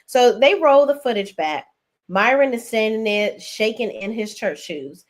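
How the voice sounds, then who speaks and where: A woman hosting a casual recap chat, animated, acting out characters' lines in a raised voice. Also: fairly high pitch, unhurried. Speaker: show review host.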